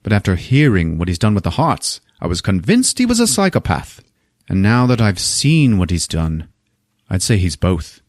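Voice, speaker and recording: A man's voice: lowish voice, sing-song, moderate pace, dry recording, studio quality. A man co-hosting a podcast, retelling a movie scene by scene in casual chat, swearing freely and acting out the characters' lines. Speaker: podcast co-host recapping a movie.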